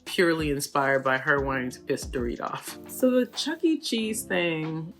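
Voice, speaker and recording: A woman hosting a reality TV recap, talking in a chatty, animated way full of fillers. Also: sits low, normal speed, faint music behind. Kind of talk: casual commentary.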